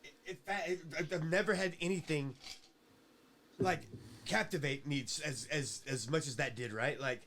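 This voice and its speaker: A man's voice: a little high, normal speed, fairly bright tone, a little hiss or hum. A man as a podcast guest, telling a rambling, profane story in casual chat and tagging his sentences with "right?".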